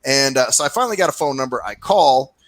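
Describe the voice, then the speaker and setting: Male podcast co-host, lively pitch, dry close sound, profane storytelling rants. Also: quick pace, no echo, low-quality recording. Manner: ranting storyteller, animated, swears freely; mimics people in put-on voices. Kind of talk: casual profane chat.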